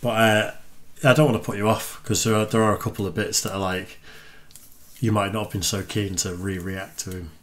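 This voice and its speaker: A man in his thirties hosting a reaction video, explaining things in a relaxed, casual way. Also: fairly low pitch, fairly quick. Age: 30s. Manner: explanatory, relaxed, restarts sentences. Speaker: reaction channel host. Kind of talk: casual chat.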